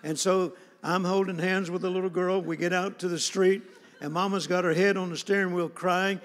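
A man's voice: sits high, steady tone, normal speed. A man preaching a sermon, telling a story in a folksy, conversational way. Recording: long hall reverb.

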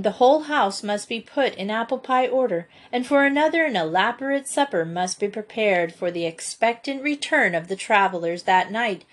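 A woman narrating a classic children's book in a steady, measured reading voice. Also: fairly high pitch. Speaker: audiobook reader. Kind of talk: storybook narration.

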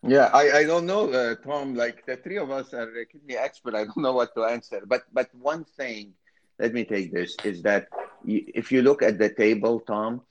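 A man's voice: medium pitch, normal speed, muffled recording. Man with hesitant, filler-heavy speech. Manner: hesitant, many fillers and restarts. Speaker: kidney cancer specialist. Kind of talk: expert panel discussion.

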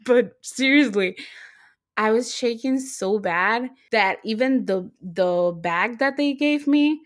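A young woman co-hosting a podcast, telling a story in a casual, excitable way, full of fillers and restarts. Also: a little high, takes it slowly. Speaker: podcast co-host. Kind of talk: casual chat.

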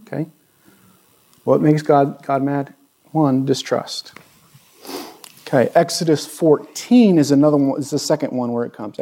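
A male pastor giving a sermon in a church, relaxed and conversational, drawing the congregation in with questions. His voice sits at a middle pitch with a noticeable gravelly rasp. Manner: conversational, asks the audience questions.

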